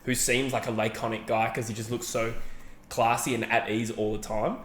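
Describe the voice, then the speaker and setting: A man's voice: mid-range voice, flat delivery, normal speed, a little hiss or hum. Aussie guy rambling on a podcast, hedges a lot, roomy echo behind him. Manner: rambling, hedging, self-correcting. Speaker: podcast co-host. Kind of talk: casual chat. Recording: roomy echo, faint background ambience.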